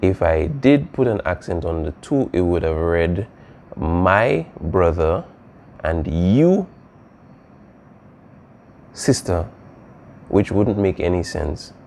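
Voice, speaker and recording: Gravelly deep-voiced male Spanish teacher. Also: measured pace, dark tone, slight background noise. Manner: casual, explanatory, with frequent "all right" and "um". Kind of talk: recorded classroom lesson.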